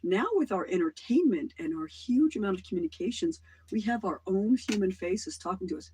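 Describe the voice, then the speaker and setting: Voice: medium pitch, lively intonation, brisk, darkish tone, a little hiss or hum, low-quality recording. A middle-aged livestream host in a casual monologue, rambling between claims and swearing casually.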